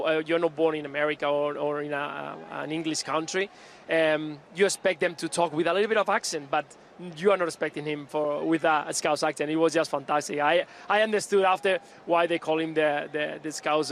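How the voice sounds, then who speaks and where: A man from the club's coaching staff in a live pitchside interview at an outdoor training ground. He speaks earnestly and haltingly, with many restarts and fillers. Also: steady tone, gravelly, fairly bright tone, a little hiss or hum.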